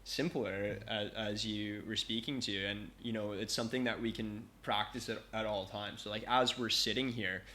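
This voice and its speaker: A man's voice: fairly low pitch, steady tone, moderate pace, few pauses, sharp tone, slight background noise. A man from Canada, a movement coach guesting on a podcast, talking in a laid-back, easygoing way with plenty of fillers. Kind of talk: casual interview chat. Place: Bali.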